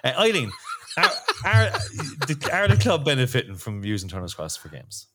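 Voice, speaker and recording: A man hosting a casual sports podcast, jokey and halting with lots of restarts. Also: mid-range voice, huge pitch swings, heavy background noise. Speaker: podcast host.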